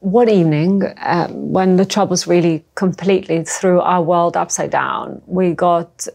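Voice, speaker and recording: A middle-aged woman from the former Yugoslavia, recounting her past in a halting, emotional personal testimony. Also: fairly low pitch, gravelly, a little mellow. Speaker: interview guest.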